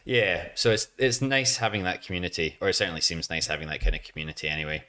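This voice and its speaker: Easygoing podcast host, low voice. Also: male voice, pushed and bright. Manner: easygoing, teasing, quick to laugh. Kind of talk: casual podcast chat.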